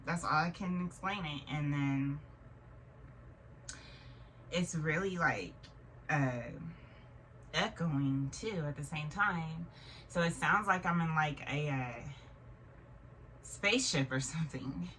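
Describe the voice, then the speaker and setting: A woman in her thirties tells a strange story in a low voice, rambling and restarting her sentences with plenty of fillers. She sits a little back from the mic, and faint noise runs under her voice. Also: takes it slowly, pauses often, a bit bright, far from the mic, poor audio. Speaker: vlogger. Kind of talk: casual storytelling monologue.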